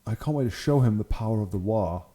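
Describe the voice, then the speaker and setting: This young channel host's voice is on the low side, warm, animated, and fast. He gives casual, excited commentary on hobby photos, laughing often along the way.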